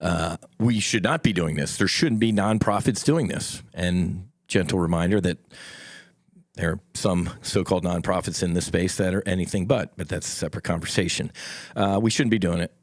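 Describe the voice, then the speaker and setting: A man's voice: low voice, normal speed, no room sound, clean studio sound. A middle-aged man hosting a solo podcast, talking in a blunt, impassioned way and swearing freely. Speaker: podcast host.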